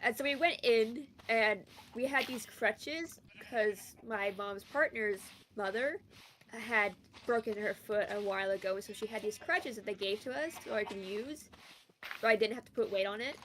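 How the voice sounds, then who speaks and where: A woman's voice: medium pitch, moderate pace, a bit bright, a little hiss or hum. A young woman from Canada telling a long rambling story in casual chat while gaming, full of fillers. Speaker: streamer.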